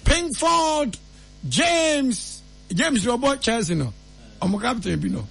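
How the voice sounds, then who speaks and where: A Ghanaian man hams it up as a self-proclaimed seer, delivering grand mock-solemn pronouncements between casual jokes. His voice sits high and swoops animatedly, with a gravelly fry underneath. Soft music plays faintly behind him. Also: sing-song, takes it slowly. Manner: mock-solemn pronouncements mixed with loose joking. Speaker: comic self-styled seer. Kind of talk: comedic prophecy skit.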